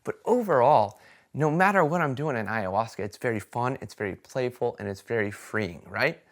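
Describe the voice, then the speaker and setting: A man chatting casually to camera about his experiences, telling stories in an animated way and often checking in with "right?" and "okay?". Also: medium pitch, moderate pace. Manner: animated storytelling, acts out quoted voices; conversational fillers like "right?" and "okay?". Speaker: vlogger sharing experiences.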